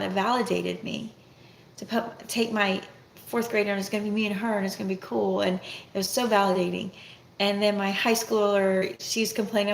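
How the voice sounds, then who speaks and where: Candid, rambling woman vlogger, gravelly voice. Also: mid-range voice. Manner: candid, rambling, self-reflective. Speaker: vlogger, homeschooling mother. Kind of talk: casual talk to camera. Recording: echoey room with faint noise.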